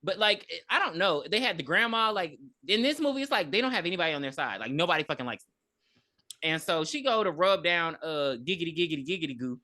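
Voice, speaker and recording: A woman's voice: lowish voice, very animated, fast talker, sharp tone. A woman podcast host giving a casual, profane movie recap with emphatic storytelling.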